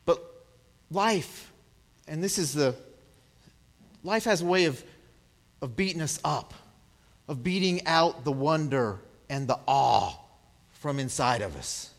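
A man's voice: a little high, lively intonation, slow pace, long pauses, in a large hall. A man preaching a sermon, chatting with the congregation and acting out scenes as he talks. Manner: conversational, checks in with the congregation; acts out scenes with big swings in loudness. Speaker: pastor.

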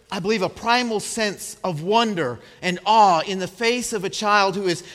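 High, bright-voiced man preaching in a reverberant hall. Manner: conversational, checks in with the congregation; acts out scenes with big swings in loudness. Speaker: pastor. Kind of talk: sermon.

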